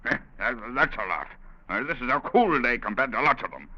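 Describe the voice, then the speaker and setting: A man's voice: mid-range voice, big pitch swings, brisk, pushed and bright, exaggerated voice. An actor playing a brusque, bossy camp foreman in a 1930s radio drama, dropping in Scottish words. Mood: jovial. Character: gruff middle-aged male camp foreman. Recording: dull lo-fi old radio recording.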